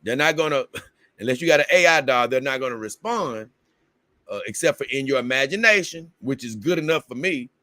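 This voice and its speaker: A man's voice: mid-range voice, expressive, brisk, pushed and bright, dry recording. A man hosting a livestream in casual chat, reading viewer comments aloud and rambling, with bursts of exasperated confusion. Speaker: livestream host.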